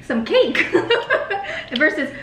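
A woman's voice: high voice, big pitch swings, takes it slowly, bright, forceful tone. A young American woman co-hosting a food video, chatting casually and laughing often as she eats. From United States. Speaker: co-host. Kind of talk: casual chat while eating. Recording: echoey room with faint noise.

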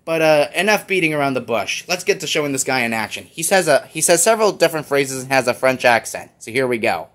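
A man's voice: mid-range voice, expressive, fast talker, hardly any pauses, fairly bright tone. A man giving a casual, rambling toy review with many fillers. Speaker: toy collector YouTuber.

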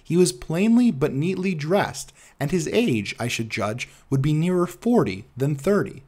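A male audiobook narrator reads a classic tale in a measured storytelling manner. His voice sits a little high, and his intonation moves expressively through each line. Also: lively intonation, a little mellow, slightly rough.

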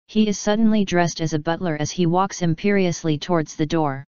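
A woman reading a story aloud as a fanfiction narrator, steady and even. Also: on the low side, a little fast, clear, resonant tone, dry recording, highs cut off. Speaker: fanfiction reader.

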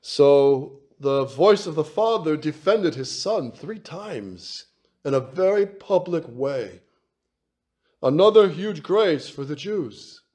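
Slow-speaking priest preaching a sermon. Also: male voice, on the high side, a little mellow. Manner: slow, emphatic preaching with repeated phrases.

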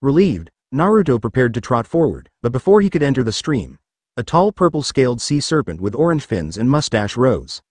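Brief: male fan-fiction reader, expressive storyteller, mid pitch, dry recording. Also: a little fast, no echo. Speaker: narrator. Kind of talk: reading fan fiction aloud.

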